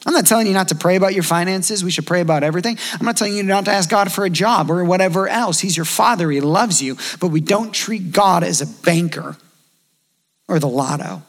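A man's voice: sits high, fairly quick, a bit bright. A man in his thirties giving a sermon as a pastor, talking to the congregation in a conversational way and acting out the voices he quotes. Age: 30s.

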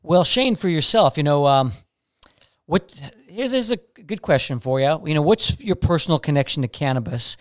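A man hosting a podcast, asking questions with quick reactions and joking asides. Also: fairly high pitch, expressive, no echo, clean studio sound. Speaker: podcast host. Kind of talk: casual interview chat.

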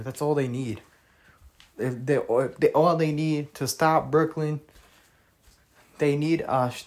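A man's voice: mid-range voice, a little mellow. A young man hosting a casual solo podcast, rambling and opinionated, with many fillers, restarts and some cursing. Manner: opinionated, with frequent mild cursing. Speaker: podcast host.

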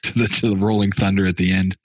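A man's voice: low-pitched, flat delivery, quick pace, dry recording. A man hosting a podcast interview, casually prompting his guest with questions. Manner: conversational, prompting, frequent restarts. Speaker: podcast host.

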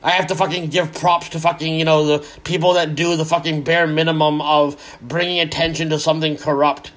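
Guy ranting mad on his own, swears nonstop, sarcastic, kinda high voice, stumbles and restarts a lot. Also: little pitch movement, a little fast, a bit bright. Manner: heavily profane, sarcastic, repeats words as he restarts. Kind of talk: angry solo rant.

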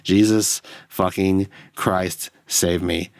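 Tipsy male solo podcaster, self-deprecating rambler, low and dry. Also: fairly even intonation, slow pace, creaky, dry recording. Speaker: podcast host. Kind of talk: solo film-review podcast. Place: home, alone in a chair at night. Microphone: studio mic close up.

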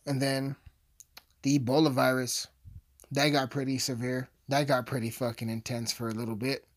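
A man's voice: mid-range voice, flat delivery, normal speed. Give me a man ranting with lots of swearing, rambling from one aside to the next. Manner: loud, swearing, rambling rant full of asides. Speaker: vlogger. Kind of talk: profane comedic rant.

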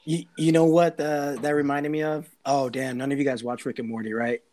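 A man's voice: mid-range voice, little pitch movement, brisk, a little mellow. An American man co-hosting a movie podcast, laid-back and easygoing, often restarting his sentences and calling his friends bro. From United States. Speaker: podcast co-host. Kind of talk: casual movie review chat.

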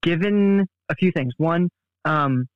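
A man appearing as a guest on a casual book podcast, speaking in a relaxed, thoughtful way. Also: a little high, takes it slowly, no echo, dull audio.

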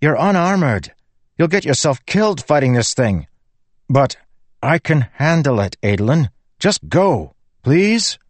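A man's voice: big pitch swings, slow, darkish tone, breathy edge, no room sound, exaggerated voice. A man voicing an earnest young male warrior who pleads urgently, lifting his voice well above his own. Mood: urgent pleading. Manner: pleading, raised higher voice.

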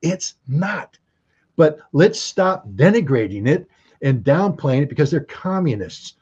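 A man talks through political commentary in a husky, mellow voice, pressing his points with rhetorical questions and frequent restarts. The recording is dull and lo-fi. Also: fairly high pitch, sing-song, a little slow. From United States.

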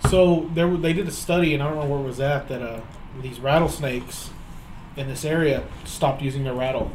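A man's voice: mid-range voice, a little fast, darkish tone, slight background noise, low-quality recording. A man chatting casually with friends, rambling through stories and laughing while he talks. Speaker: friend in group chat. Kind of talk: casual chat.

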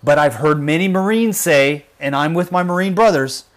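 A man hosting a livestream, talking with fervent emphasis and sinking to a hushed intensity on his gravest points. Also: on the high side, normal speed. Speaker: livestream host. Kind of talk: impassioned livestream commentary.

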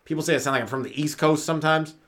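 A sleep-deprived Canadian comedian rambles through his solo podcast, swearing freely and chuckling at his own jokes. His voice sits a little high for a man, loose and unpolished. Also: very fast, fairly bright tone.

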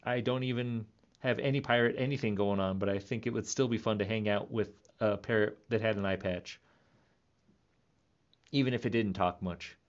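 A man's voice: lowish voice, fairly even intonation, moderate pace, dull audio. A man in his thirties rambling playfully in a casual monologue, laughing often. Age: 30s. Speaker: vlogger.

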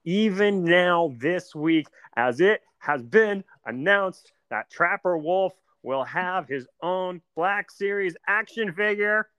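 A man's voice: high voice, takes it slowly, few pauses, a bit bright, smooth, dry recording. A man co-hosting a podcast, chatting casually with dry, mock-serious jokes. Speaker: podcast co-host.

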